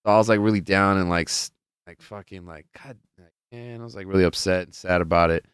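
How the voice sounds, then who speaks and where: Man, podcast host, low voice, smooth and clear, laid-back rambling, swears a lot. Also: steady tone, fast talker, dry recording, clean studio sound. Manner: rambling, profane, laid-back storytelling with many fillers. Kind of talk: casual solo podcast life update.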